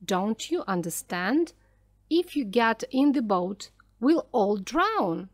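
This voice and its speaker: A woman's voice: fairly high pitch, very animated, slow, no echo, clean studio sound, exaggerated voice. A woman reading the lines of a stern, brave lighthouse keeper and father, in a firm, commanding way.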